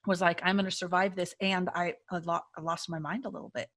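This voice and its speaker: A woman's voice: fairly low pitch, quick pace. A woman co-hosting a podcast, chatting casually and animatedly as she reviews a film. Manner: chatty, animated retelling with acted-out reactions. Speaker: podcast co-host.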